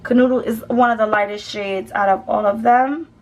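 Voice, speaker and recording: Woman beauty vlogger, gushing and chatty, higher voice, casual home video. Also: fairly even intonation, moderate pace, dull audio, a little hiss or hum. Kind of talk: casual makeup swatch vlog. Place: home, children nearby.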